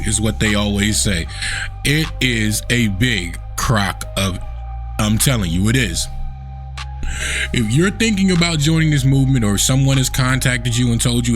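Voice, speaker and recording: A man's voice: medium pitch, expressive, normal speed, faint music behind. A man hosting a reaction video in casual commentary, laughing often and mocking people with put-on voices.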